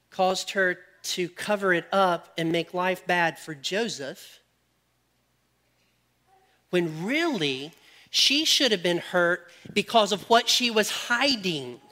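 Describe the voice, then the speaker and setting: A man preaching a sermon, animated and joking with his listeners, then dropping to quiet, probing questions. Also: high voice. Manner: animated, jokes with the audience, drops to quiet questions.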